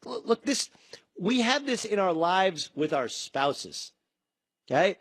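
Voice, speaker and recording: A man hosting a sports talk show, talking in a fairly high voice. He riffs with energy and slips into different voices when he quotes people. The sound is dry and close, with no room around it. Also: slow pace, dry recording. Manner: animated, acts out quotes in shifting voices. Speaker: sports talk radio host.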